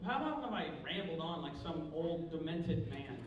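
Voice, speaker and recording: A man's voice: on the high side, very animated, normal speed. A man telling stories to a live audience at a panel, bursting into raised voices to act out what other people said. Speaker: panel speaker. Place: large convention hall. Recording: echoey hall from far off, crowd noise. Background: audience laughter.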